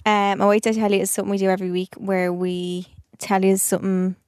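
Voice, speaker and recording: A young Dublin woman co-hosting a podcast, chatting loosely and swearing offhandedly as she tells a story. Her voice sits at a middle pitch, recorded close and dry with no room sound. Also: completely flat delivery, fast talker, darkish tone, smooth, no echo. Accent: Irish (Dublin). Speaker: podcast co-host. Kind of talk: casual chat.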